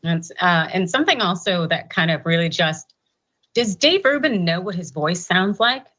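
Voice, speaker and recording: Female co-host, bright edgy tone, exasperated delivery. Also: lowish voice, animated, moderate pace. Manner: exasperated, dismissive. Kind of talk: casual political commentary.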